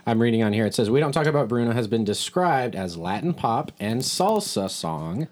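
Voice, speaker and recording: Chill guy cohost on a podcast, mid-pitched, reads stuff out kinda haltingly. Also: lively intonation, darkish tone. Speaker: podcast co-host. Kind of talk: casual chat.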